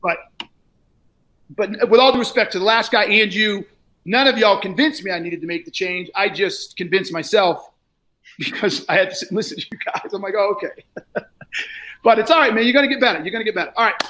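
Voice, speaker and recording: Speaking at normal speed with long pauses, a man coaches a salesperson in a live role-play. He lectures bluntly and profanely, often shouting and then dropping his voice low.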